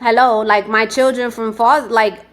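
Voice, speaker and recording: Appearing on an interview show as a real estate agent, a woman from New York talks in a slightly high, unhurried voice with a New York accent. She chats animatedly and casually, with many fillers.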